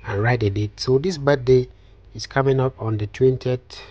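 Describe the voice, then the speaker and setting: A man calmly talking through a phone design tutorial step by step, with many fillers. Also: mid-range voice, normal speed, no echo, muffled recording. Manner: calm step-by-step instructions with frequent fillers. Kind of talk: screen-recorded software tutorial.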